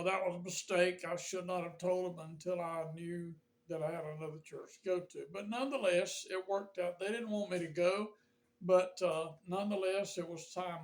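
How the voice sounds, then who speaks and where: Older pastor, rambly folksy storytelling, kinda high voice. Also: male voice. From Georgia, USA. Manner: folksy, rambling, with frequent fillers and restarts. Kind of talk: casual reminiscing monologue to camera.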